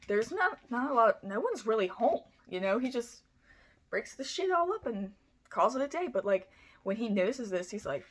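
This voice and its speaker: A woman's voice: on the high side, moderate pace. A woman telling a true-crime story in a casual, rambling way, swearing freely and filling her talk with "like" and "you know". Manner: animated, acts out the people in her story.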